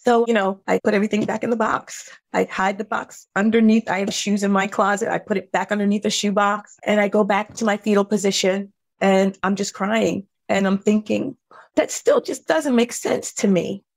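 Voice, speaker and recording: A woman's voice: steady tone, brisk, gravelly, dry recording. Woman guest, emotional storyteller, earnest and intense, close dry sound. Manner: earnest, intense, voice rising high when upset. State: tearful at times. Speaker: podcast guest.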